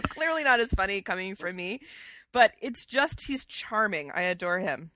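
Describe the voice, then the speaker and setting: A woman co-hosts a casual podcast, chatting in a lively, animated way with plenty of ums and easy laughter. Her voice is bright and clear, recorded dry and close. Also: mid-range voice, normal speed, dry recording. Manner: chatty and animated, laughs easily, many fillers. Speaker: podcast co-host. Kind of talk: casual chat.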